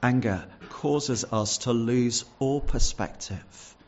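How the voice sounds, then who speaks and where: A man's voice: mid-range voice, slow pace, a little mellow, lo-fi sound. A man preaching a sermon, reading Bible verses and explaining them earnestly, with some stumbles and repeated words. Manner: repeats words and restarts with fillers.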